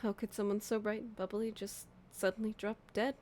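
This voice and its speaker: A woman's voice: mid-range voice, flat delivery, brisk, background noise, lightly acted. A woman reading a shaken young male horror game protagonist's dialogue aloud, urgently. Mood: stunned, sad.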